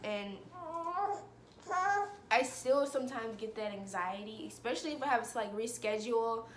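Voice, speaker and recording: A woman's voice: a little high, normal speed, reverberant, slight background noise. A young woman vlogging about her own experiences, hesitant and full of fillers and restarts. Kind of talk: personal confessional talk to camera.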